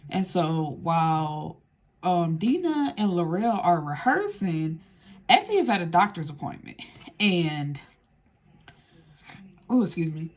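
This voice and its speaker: A woman's voice: lowish voice, sing-song, takes it slowly, long pauses. A woman recapping a film in a casual, blunt and slangy way, swearing freely as she retells the story. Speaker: film reviewer.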